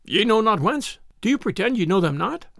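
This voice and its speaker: A man's voice: sits high, very animated, brisk, gravelly, a bit bright, dry recording, studio quality, exaggerated voice. A man voicing a hard, imperious nobleman who speaks sharply and gives commands, as a character in an audiobook. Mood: sharp, commanding.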